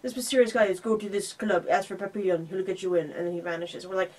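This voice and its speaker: A woman's voice: mid-range voice, fairly even intonation, fast, a little mellow. A woman co-hosting a casual film review chat, sardonic and acting out the characters' lines as she recaps.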